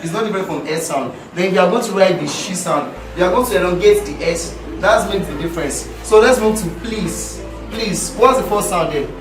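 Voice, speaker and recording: A man with a Nigerian accent teaching pronunciation to a class, drilling sounds by repeating words loudly. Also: high-pitched, a little fast, hardly any pauses. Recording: echoey room from far off with music.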